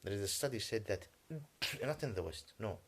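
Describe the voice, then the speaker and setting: A native Arabic-speaking man delivering a rambling, agitated monologue in English, halting often and clearing his throat. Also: lowish voice, expressive, a bit bright, a little hiss or hum. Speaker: vlogger.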